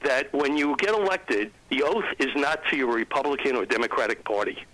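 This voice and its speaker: A man phones in to a talk show and works through his point haltingly, pausing often on "uh" and restarting sentences. His voice is bright and forward. The sound is close and dry. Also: mid-range voice, no echo, rough recording. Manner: halting, many ums and restarts. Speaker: caller. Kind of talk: phone-in opinion.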